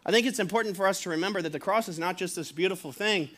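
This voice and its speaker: A male pastor gives a sermon in a relaxed, conversational voice that sits fairly high. He chuckles as he goes and slips into acted quotes. He speaks plainly to a church. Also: very fast.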